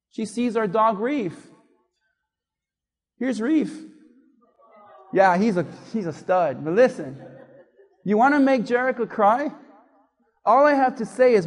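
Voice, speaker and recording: A man's voice: very high voice, in a large hall. A male pastor giving a conversational sermon, acting out little quoted remarks as he goes. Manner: conversational preaching with quoted asides. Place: church.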